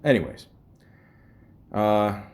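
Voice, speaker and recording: A Canadian man in a loose, rambling podcast monologue, stumbling over restarts and fillers. His voice sits on the lower side, unhurried and relaxed. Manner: rambling, with many ums and restarts. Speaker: podcast host. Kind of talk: casual monologue.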